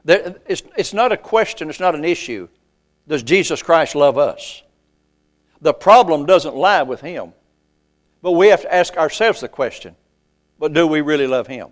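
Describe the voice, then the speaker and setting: An older man preaching a sermon in a church. He is folksy, calls out to the congregation and slows down to recite scripture. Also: fairly high pitch, lively intonation.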